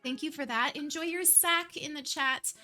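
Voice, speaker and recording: Female livestream host, casual, chatty, emotional, high bright voice. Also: normal speed, soft background music. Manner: gushing, chatty, laughs often. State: emotional, near tears. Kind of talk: casual chat with viewers.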